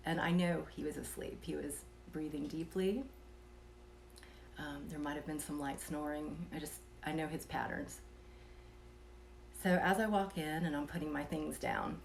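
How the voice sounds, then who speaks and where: A woman telling a personal story in a casual, soft-spoken way, sometimes dropping to a whisper and chuckling between thoughts. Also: sits low, vocal fry, slight background noise. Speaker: vlogger telling a personal experience.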